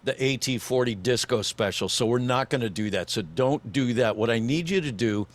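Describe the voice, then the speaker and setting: A man in his sixties, a voice actor and former radio DJ, telling a story as a podcast guest in an animated way, chuckling and slipping into other voices. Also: medium pitch, moderate pace. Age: 60s.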